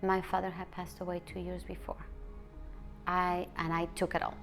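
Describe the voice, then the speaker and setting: With faint music behind her, an emotional Mexico City woman gives a personal interview in a low, level tone. Her retelling is halting, full of restarts.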